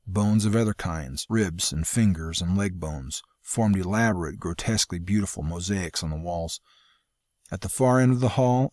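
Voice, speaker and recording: A man reading a fantasy novel aloud in a measured, dramatic storytelling manner. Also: sits low, dry recording, clean studio sound. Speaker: audiobook narrator. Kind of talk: scripted fantasy narration.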